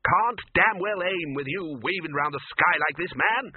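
A man voicing a gruff, blustering old head wizard who barks demands, on a tinny phone-like recording. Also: on the high side, lively intonation, normal speed, no room sound. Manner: barking, demanding.

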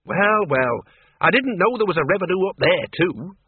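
A man voicing a blunt older countrywoman farmer who talks briskly and scornfully. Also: fairly low pitch, expressive, breathy edge, dry recording, pitched above the performer's own voice. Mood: nosy. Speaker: narrator voicing a character. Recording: tinny radio broadcast.

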